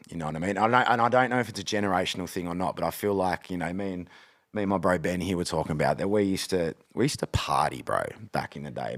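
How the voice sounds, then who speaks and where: A man in his forties talks in a deep, low voice, dropping swear words all through his casual podcast chat. He keeps checking in with "you know what I mean". The sound is dry and close, with no room echo. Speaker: podcast guest, rapper.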